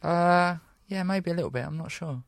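A man's voice: high-pitched, normal speed, gravelly, no echo. A man with a London accent, co-hosting a comedy podcast in sheepish, self-deprecating banter. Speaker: podcast co-host. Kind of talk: casual comedic chat.

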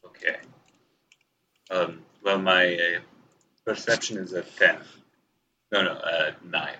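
Calm methodical guy at a tabletop game, really deep voice, slight hiss. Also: takes it slowly, dull audio. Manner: calm, methodical, hesitant with ums. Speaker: guest player. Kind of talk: casual chat at a tabletop game.

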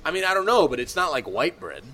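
A man's voice: a little high, very animated, fast, pushed and bright, a little hiss or hum. A man hosting a casual podcast, playful and joking, laughing easily. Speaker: podcast host.

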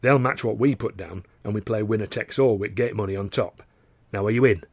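A man voicing a scheming male footballer, speaking in a hushed, conspiratorial way. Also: on the low side, a little fast, no echo.

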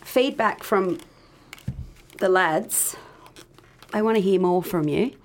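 A woman's voice: on the low side, expressive, takes it slowly, slight background noise. A woman co-hosting a podcast, bantering playfully and teasing her co-host. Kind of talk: casual chat.

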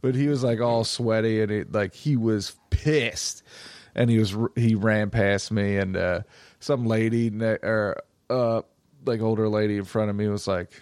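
A man casually telling a story in animated, profane chat with friends. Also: on the low side, measured pace, smooth, no echo. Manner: animated, profane storyteller who acts out quotes.

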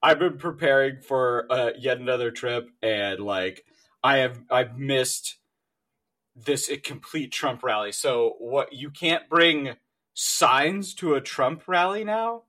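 A man co-hosting a podcast in playful casual chat, quick to laugh. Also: mid-range voice, pushed and bright. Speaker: podcast co-host.

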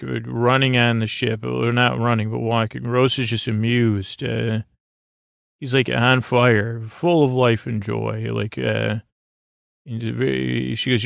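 A man hosting a bedtime podcast, recapping an episode in a rambling, halting way with many fillers and restarts. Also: mid-range voice, vocal fry, no echo. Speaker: podcast host.

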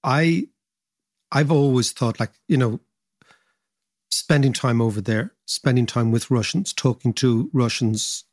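A man's voice: medium pitch, a little slow, dry recording, clean studio sound. A man in his fifties co-hosting a podcast, telling long digressive stories in a lecturing, casual way. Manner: expansive, lecturing, digressive with asides. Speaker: podcast co-host. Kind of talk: casual chat, storytelling.

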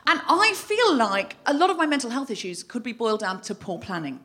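A woman hosting a live comedy podcast, telling a story on stage with animated, breathless delivery and shrieking acted-out quotes. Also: fairly high pitch, a little fast. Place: live venue with audience laughter.

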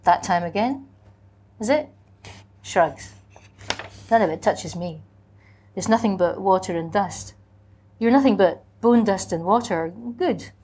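A woman's voice: medium pitch, expressive, measured pace, long pauses, slight background noise, lightly acted. A woman voicing the ageless, defiant spirit of spring. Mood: lyrical, defiant. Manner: incantatory, lyrical, quietly menacing. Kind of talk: dramatic literary reading.

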